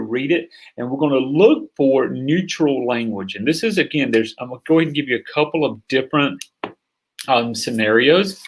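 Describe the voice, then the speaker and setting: Fast-talking Southern-drawl man, husky voice. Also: medium pitch. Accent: Southern American drawl. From North Carolina, US. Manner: fast, emphatic, checks in with listeners. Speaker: sales coach. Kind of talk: teaching a sales training session.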